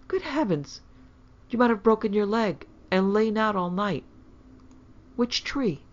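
A woman's voice: sits low, moderate pace, creaky, muffled recording. A woman voicing a fretful, proper mother. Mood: alarmed. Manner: fretful, gently scolding. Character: anxious, gentle, proper mother.

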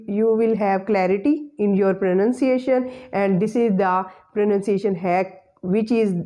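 A woman teaching English pronunciation, addressing her audience formally and repeating each example word slowly. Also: mid-range voice, mellow. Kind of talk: spoken English lesson.

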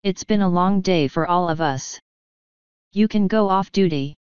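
A woman voicing a calm, earnest young male watch captain who speaks firmly and politely. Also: lowish voice, measured pace, smooth, dry recording, muffled recording, close to an everyday voice.

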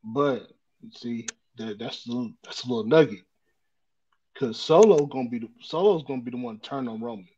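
A man's voice: medium pitch, normal speed, darkish tone, husky. A man in easygoing wrestling talk, laying out his reasoning piece by piece. His voice sits in a middling register. The recording is dull and lo-fi, as if captured on modest gear. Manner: explanatory, builds his points step by step. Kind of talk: casual wrestling chat.

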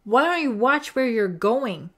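A woman voicing a nasty, gloating teenage girl camp counselor who taunts with slow, mocking lines. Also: fairly high pitch, animated, voice pushed up. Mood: sharp.

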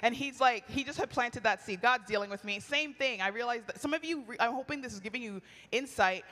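Animated woman preaching in a reverberant hall. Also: on the high side, a little fast. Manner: animated, chatty, laughs often, acts out quoted lines. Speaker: women's retreat speaker. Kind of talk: storytelling sermon.

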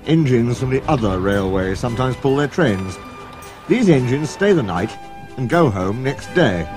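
A man narrating a children's story with an expressive reading manner. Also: mid-range voice, normal speed. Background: music.

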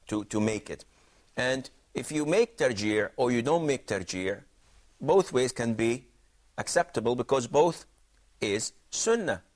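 A man teaching a religious jurisprudence class, explaining points and quizzing students by name. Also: medium pitch. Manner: questioning, explanatory, repeats himself. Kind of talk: classroom lesson with questions to students.

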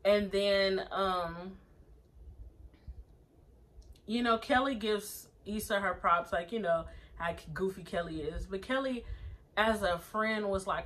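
A woman talks through a TV episode in a relaxed, gossipy way, with sassy asides and street slang. Her voice sits in a middle pitch, and she fills her sentences with "like" and "um". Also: slow pace, pauses often, rough recording. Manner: chatty, sassy, slangy, with plenty of filler. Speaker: TV episode reviewer. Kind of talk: casual chat.

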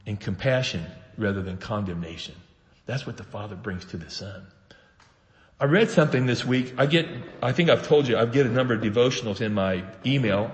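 Pastor preaching in a reverberant hall. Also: male voice, mid-range voice, dull audio. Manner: animated storytelling, acting out voices of the father and sons. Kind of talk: sermon. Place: church sanctuary.

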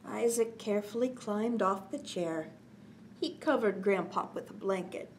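Slow, gentle woman reading a bedtime story. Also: mid-range voice, slight background noise. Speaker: children's librarian.

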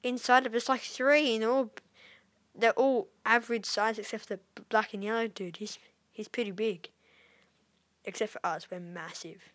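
A woman giving excitable live gameplay commentary as a YouTuber, squealing at wins and dropping to whispers when tense. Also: on the high side, moderate pace. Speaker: gaming YouTuber.

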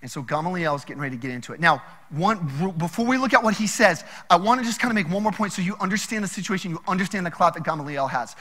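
A man preaching a sermon in a casual, animated storytelling way. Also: high-pitched, racing, few pauses, in a large hall. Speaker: pastor.

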